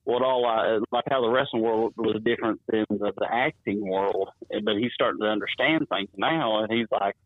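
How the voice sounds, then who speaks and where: A wrestling promoter, telling stories in a rambling, chuckling way while calling in to an interview. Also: male voice, lowish voice, normal speed, few pauses, no room sound. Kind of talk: phone-in interview storytelling. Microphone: phone. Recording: tinny dry phone line.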